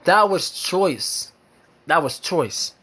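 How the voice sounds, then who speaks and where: A high-pitched American man speaking at a slow, deliberate pace. He delivers a fired-up opinion monologue, pressing each point with repeated lines and blunt swearing. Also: animated, pushed and bright, husky. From United States. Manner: emphatic and repetitive, hammering points with repeated phrases and swearing. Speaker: vlogger sharing opinions.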